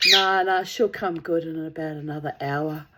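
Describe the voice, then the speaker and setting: A blunt, offhand female friend who teases without mercy, put on by a woman telling her story. The voice is husky and breathy and sits a little low. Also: fairly even intonation, moderate pace, pushed and bright. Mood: blunt teasing. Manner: blunt and dismissive.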